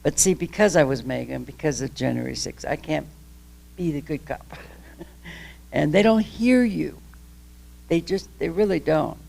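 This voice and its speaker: A woman's voice: sits low, lively intonation, measured pace, creaky, pauses often, mellow. An older woman giving an impassioned talk about her own story. She is emphatic, laughs between points, and rambles with restarts. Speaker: guest speaker. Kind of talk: public talk, candid personal story.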